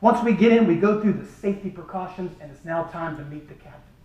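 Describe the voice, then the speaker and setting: Man, comic speech at an event, animated delivery; echoey hall, far mic. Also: high voice, fast talker, muffled recording. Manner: lively, animated storytelling. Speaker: speaker at a charity event. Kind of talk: humorous storytelling speech.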